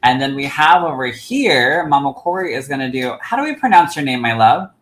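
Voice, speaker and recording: A man with a medium-pitched voice speaks briskly while hosting a livestream as a psychic medium, reading cards for viewers and affectionately calling them "my love." He's animated, and the low-quality recording is reverberant.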